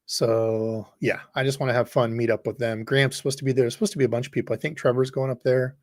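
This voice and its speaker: A man's voice: mid-range voice, flat delivery, fast, no echo, clean studio sound. A man hosting a fishing livestream, rambling casually and reading viewer comments aloud. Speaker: fishing channel host.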